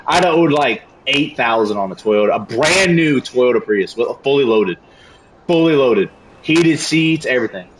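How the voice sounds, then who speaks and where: A man's voice: mid-range voice, normal speed, background noise. Young man ranting, loose and profane. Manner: animated, profane, slangy ranting. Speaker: streamer. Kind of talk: casual storytelling while gaming.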